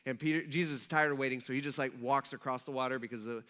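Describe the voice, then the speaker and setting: A man in his thirties, a pastor giving a casual sermon and telling stories with lively acted-out quotes. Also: mid-range voice, fast talker. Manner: animated storytelling, acts out quoted voices.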